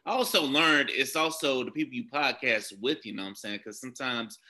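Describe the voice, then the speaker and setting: A man's voice: medium pitch, brisk, sharp tone. A man podcaster chatting casually in an easygoing, loose way. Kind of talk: casual chat.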